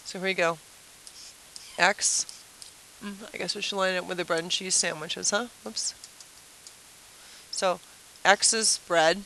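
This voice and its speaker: A woman teacher runs a casual review lesson at the whiteboard, her voice bright and clear. She keeps throwing questions at the class and explains with playful everyday comparisons. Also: fairly low pitch, steady tone, a little slow, pauses often, slight background noise, poor audio. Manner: chatty, asks the class rhetorical questions.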